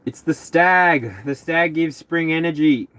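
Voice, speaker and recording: A man's voice: a little high, a little slow, a bit bright, dry recording. A man hosting a live tarot reading stream, chatting casually with viewers, rambling and laughing often. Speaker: tarot reader.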